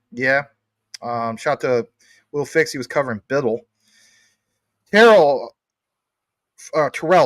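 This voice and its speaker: A man's voice: medium pitch, fairly bright tone, no room sound, studio quality. A man hosting a casual livestream, upbeat as he reads viewer comments aloud. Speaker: livestream host.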